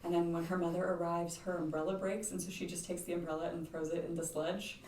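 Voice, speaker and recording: A woman's voice: fairly low pitch, flat delivery, fast talker, darkish tone. A woman co-hosting a podcast, chatting casually about a book and retelling scenes. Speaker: podcast co-host. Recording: echoey room, distant mic, faint noise.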